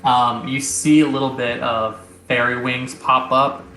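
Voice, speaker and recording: A man's voice: medium pitch, level tone, sharp tone. Man narrating a tabletop game. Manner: descriptive, halting, many uhs. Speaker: game master. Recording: roomy recording, faint music.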